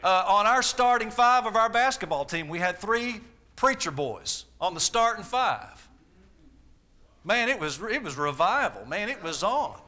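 A man's voice: sits high, sing-song, a little slow, sharp tone. A man, preaching a sermon with emphatic repetition and rhetorical questions. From Arkansas, US.

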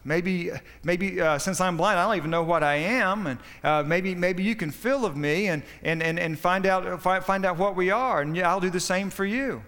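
A man voicing a polite, eager blind little rabbit in a sermon story, with an excited, apologetic manner. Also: high voice, normal speed, few pauses, clean tone, big-room sound. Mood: delighted.

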